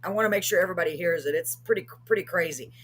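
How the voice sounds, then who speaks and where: A woman's voice: on the low side, racing, slight background noise. A woman hosting a live streamed show, telling a story casually and rambling with many ums and self-corrections.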